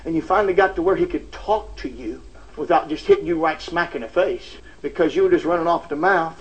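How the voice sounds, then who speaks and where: A man preaching a sermon with impassioned emphasis, often pushing his voice to a shout and dropping "uh" between phrases. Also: on the high side, brisk, lo-fi sound. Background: faint congregation responses.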